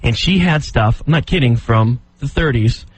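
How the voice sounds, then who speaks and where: A man's voice: medium pitch, lively intonation, poor audio. Rambling male radio host, faint hiss. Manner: rambling, halting. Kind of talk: rambling storytelling.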